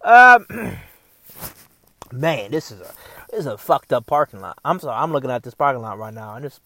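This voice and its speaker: A man's voice: mid-range voice, expressive, fast, dry recording. A man rambling sarcastically to the camera from a parked car, stammering, repeating himself and swearing a lot. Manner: repetitive, stammering, frequent swearing. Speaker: vlogger.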